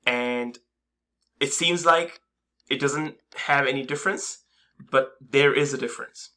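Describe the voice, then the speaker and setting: Man, coding tutorial, bright voice, casual and hesitant, lots of ums, keyboard clicks behind. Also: mid-range voice, measured pace. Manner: casual, hesitant, many fillers and restarts. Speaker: coding instructor. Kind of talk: screen-recorded coding tutorial.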